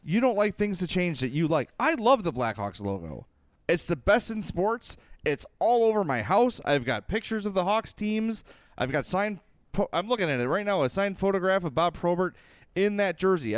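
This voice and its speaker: A sports podcast co-host from Illinois, giving opinionated hockey talk in an emphatic, repetitive, lecturing way. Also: male voice, sits high, dry recording. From Illinois, USA.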